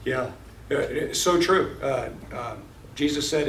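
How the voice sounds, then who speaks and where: This Bible study teacher reads verses, unpacks their meaning, and asks the class questions, speaking a little slowly. His mid-range voice is a bit bright. Captured from afar in an echoey room, the audio carries a little hiss or hum.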